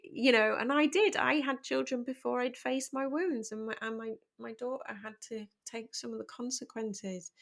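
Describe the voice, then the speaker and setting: Candid, gravelly woman. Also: on the high side, moderate pace, few pauses. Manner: candid, emotional, animated storytelling. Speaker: podcast guest. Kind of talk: personal conversation.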